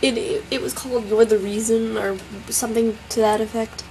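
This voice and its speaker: A woman's voice: on the high side, fairly even intonation, normal speed, creaky, mellow, a little hiss or hum, rough recording. A young woman with a Southern American accent, telling a story in a chatty, wry, self-mocking way on her vlog. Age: young adult. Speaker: vlogger.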